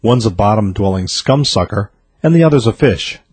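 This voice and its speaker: A man reading a series of jokes aloud in a steady storytelling delivery. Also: on the low side, normal speed, breathy edge, no echo. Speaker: joke teller.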